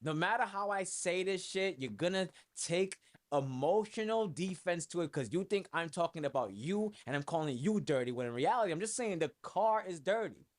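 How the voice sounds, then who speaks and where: A man's voice: sits high, animated, moderate pace. A man from New York with a New York accent, hosting his own podcast in a loose, rambling, profane way with lots of fillers. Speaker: podcast host and music producer. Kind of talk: casual solo podcast talk.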